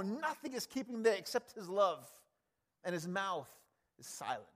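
High-voiced emphatic male preacher. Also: animated, moderate pace. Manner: emphatic, conversational, swings from loud to hushed. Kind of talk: sermon.

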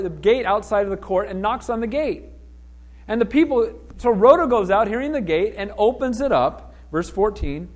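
High-voiced pastor preaching with animation. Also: male voice. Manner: animated, acts out voices of people in the story. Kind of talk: sermon.

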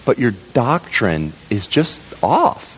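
A man voicing a pushy male disciple who pulls his teacher aside and coaxes him in a lowered, chummy voice. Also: sing-song, slow pace, slightly rough, long reverb tail, exaggerated voice, poor audio. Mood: coaxing.

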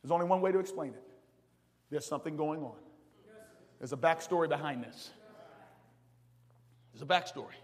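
A man preaching a sermon as pastor, swinging from quiet talk to hollering. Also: a little high, moderate pace, long pauses. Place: church sanctuary. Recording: long reverb of a large hall.

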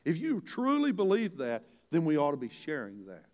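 An older man delivers a sermon in a folksy, conversational way, now and then pressing a point with real force. His voice sits slightly high for a man. A long reverb trails behind every phrase, as in a large church. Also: huge pitch swings, normal speed, darkish tone, muffled recording. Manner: folksy, earnest, rises to emphatic preaching. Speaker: pastor.

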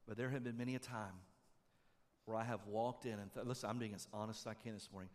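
A middle-aged male pastor preaching a sermon, animated and conversational, swinging from loud, quick bursts to low, hushed stretches.

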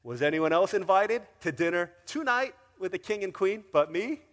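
A man's voice: sits high, lively intonation, moderate pace, a bit bright, long reverb tail, voice pushed up. A man voicing a vain, power-hungry royal official who boasts smugly. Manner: smug, boastful.

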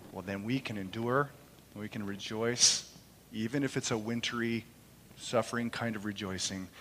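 A middle-aged man preaching a sermon in church, impassioned, moving between loud proclamation and soft, quiet storytelling. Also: fairly low pitch, a little hiss or hum. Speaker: pastor. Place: church sanctuary during a service. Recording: long hall reverb.

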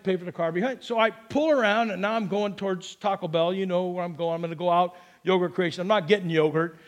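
Pastor guy with a really high voice, chatty sermon, tells stories and keeps going "come on". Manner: storytelling, coaxing the congregation with "come on". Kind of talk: conversational sermon.

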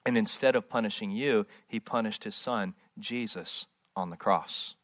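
A man preaching a sermon in a church as pastor, impassioned and repetitive, swinging from loud emphasis to hushed tones. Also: on the low side, normal speed. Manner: repeats words, restarts phrases.

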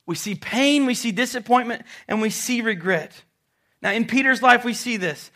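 A man preaching a sermon to a congregation, telling the story dramatically and dropping suddenly to a soft voice. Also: very high-pitched, moderate pace. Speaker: pastor. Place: church service before a congregation.

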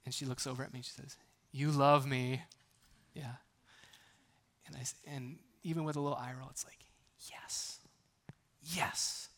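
A man pastor preaching a sermon in a conversational way, with frequent restarts and playful asides, moving between hushed, near-whispered lines and loud, emphatic bursts. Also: mid-range voice, steady tone, fast talker, vocal fry. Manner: playful humor between earnest points.

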